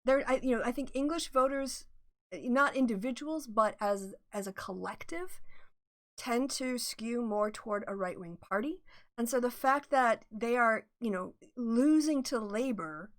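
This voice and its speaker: A middle-aged woman hosting a relaxed livestream, talking things through in a chatty, analytical way. Her voice sits a little on the high side. She talks straight to her viewers. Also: unhurried. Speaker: livestream host. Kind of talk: casual political livestream chat.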